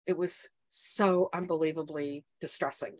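A middle-aged woman, a podcast guest who coaches mothers, telling a painful personal story in an interview, earnest and halting with many restarts. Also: low-pitched, steady tone, darkish tone.

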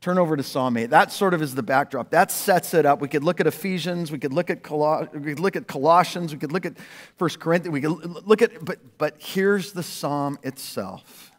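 A male pastor delivers a sermon in a high, lively voice. He swings between loud, excited exclamations and quiet, hushed asides. A long reverb trails his words through the hall. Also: a little fast.

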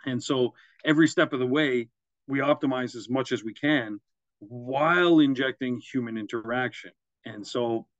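Co-hosting a casual business podcast from Quebec, Canada, a man drifts through loose, rambling asides and chuckles at his own jokes. He speaks at an ordinary middle pitch. The recording is dry, slightly muffled and echo-free.

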